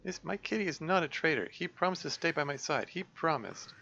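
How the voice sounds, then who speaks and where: A man's voice: lively intonation, brisk, gravelly, pushed and bright, dull audio, a little hiss or hum, exaggerated voice. A man doing a frightened little girl. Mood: pleading. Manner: high, pleading, earnest. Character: frightened young girl, timid and sweet.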